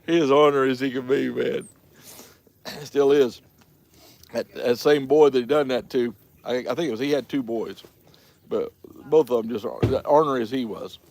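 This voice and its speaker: A man's voice: medium pitch, steady tone, normal speed, darkish tone. A man hosting a casual livestream, telling folksy stories and laughing often. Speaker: livestream host. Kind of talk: casual chat reading live chat.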